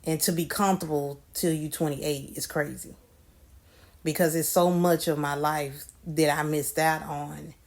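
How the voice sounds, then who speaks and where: A woman's voice: low voice, steady tone, a little slow, a little mellow. A woman in her forties talking candidly to her viewers, reflective and blunt with casual swearing. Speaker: vlogger. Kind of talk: candid personal talk.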